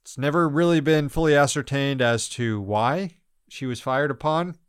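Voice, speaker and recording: A man's voice: mid-range voice, moderate pace, clean tone, dry recording, clean studio sound. Blunt, sarcastic male podcast host. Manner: sarcastic, blunt, swearing, laughs often. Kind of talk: opinionated news commentary.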